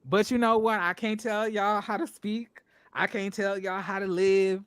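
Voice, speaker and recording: A man hosting a casual review show, talking in an animated, emphatic way and acting out what people on the show said. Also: high-pitched, measured pace, clear, resonant tone, no room sound. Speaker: show host reviewing reality TV. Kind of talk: casual commentary.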